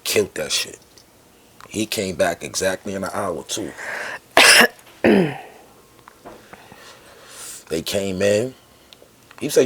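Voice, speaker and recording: A deep-voiced man from Harlem with a New York accent, in his forties, talking as a guest on a podcast. He tells his stories in a relaxed, streetwise way. When he quotes other people, he bursts into their voices. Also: slow pace, pauses often, husky. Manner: animated, acts out quoted people with raised voice. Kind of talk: casual storytelling.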